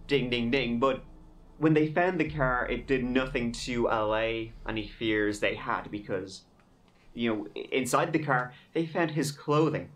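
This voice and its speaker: A man's voice: medium pitch, a little slow, fairly bright tone. A man hosting a true crime podcast, telling the case in a conversational way with wry asides. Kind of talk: casual true crime narration.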